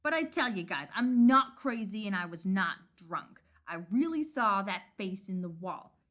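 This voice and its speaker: A woman co-hosting a casual read-aloud of a novel, animated and chatty with lots of banter. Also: medium pitch, normal speed. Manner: animated, giggly, many restarts. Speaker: book reading co-host.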